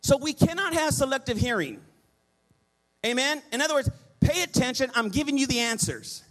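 High-pitched middle-aged guy preaching, begs the crowd, lots of "amen?" back and forth. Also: lively intonation, normal speed, a bit bright. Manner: call-and-response preaching, pleading and repetitive. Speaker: pastor. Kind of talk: sermon.

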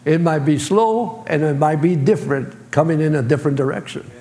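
A man's voice: fairly high pitch, fairly quick, warm tone. A man preaching a sermon as pastor, speaking in plain colloquial phrasing and acting out voices. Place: church sanctuary. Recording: echoey church hall.

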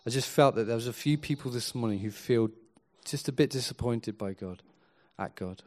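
A male preacher with an ordinary mid-pitched voice delivers an earnest sermon at a moderate pace. He moves from hushed, reflective passages into sudden emphatic swells.

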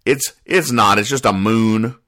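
A man reading comic strips aloud and explaining the jokes in a rambling, deadpan way, with sighs and trailing asides. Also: a little slow. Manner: rambling, dry, sighing, trailing off low.

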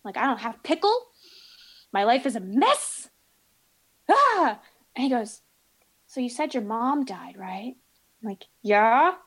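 A woman telling stories in casual podcast chat, animated and acting out the people in them. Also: on the high side, slow, long pauses, slightly rough, rough recording.

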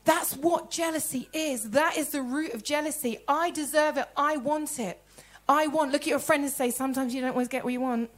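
A woman preaching a sermon in a church, telling stories with lively acted-out conversations. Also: sits high, brisk, few pauses. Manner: animated storytelling, acting out conversations in voices.

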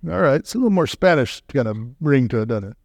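A man preaching as a guest speaker, animated and emphatic, with joking asides to the congregation. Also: medium pitch, fast talker, gravelly, dry recording, clean studio sound. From Southern California. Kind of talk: sermon.

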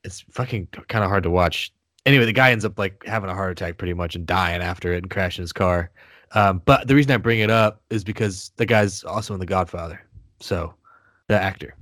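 A man's voice: low-pitched, brisk, a bit bright, no echo, clean studio sound. A man co-hosting a podcast, recapping a TV show in casual, rambling chat with frequent swearing. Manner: rambling, swears, restarts with laughs. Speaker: podcast co-host.

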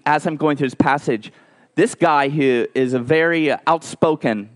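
A man preaching a conversational sermon, telling stories with lively asides and frequent restarts. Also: fairly high pitch. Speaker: pastor.

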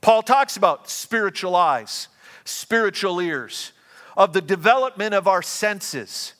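A man preaching a sermon as pastor, earnest and given to quick restarts. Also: high voice, expressive, a bit bright, in a large hall.

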